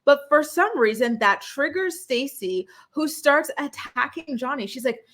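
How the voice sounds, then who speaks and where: Indignant young woman recapping TV. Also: measured pace. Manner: animated, indignant, acts out quotes with pitch jumps. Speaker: reality TV recap vlogger. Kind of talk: casual opinionated recap.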